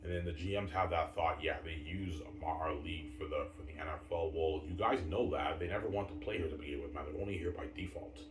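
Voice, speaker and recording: A man's voice: extremely low pitch, quick pace, few pauses, reverberant, far from the mic, background noise. A man from Canada giving blunt, opinionated answers to chat questions in a casual livestream, often repeating words and saying "man".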